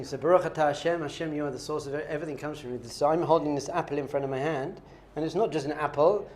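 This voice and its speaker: A middle-aged man, teaching a lively class as a rabbi and quizzing his students with playful questions. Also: fairly high pitch, quick pace, few pauses. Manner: animated, playful, quizzing the audience.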